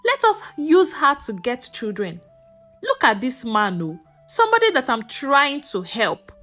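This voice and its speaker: Woman doing a nagging scheming wife, quick sharp scolding, high bright voice. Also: wildly swooping pitch, faint music behind, heavily acted. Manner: rapid, shouting scolding.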